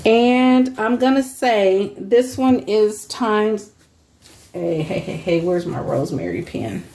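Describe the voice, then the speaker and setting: Slow, chatty woman sorting craft papers. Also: medium pitch, animated, dark tone, a little hiss or hum. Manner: chatty, laughs often, reads titles aloud as she browses. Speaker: online craft seller. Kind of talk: casual show-and-tell sales vlog.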